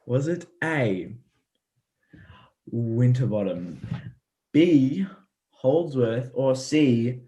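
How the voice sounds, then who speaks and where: A man's voice: medium pitch, animated, very slow, long pauses, mellow. A young man co-hosting a casual sports podcast, giggly and playful as he quizzes his friend. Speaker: podcast co-host.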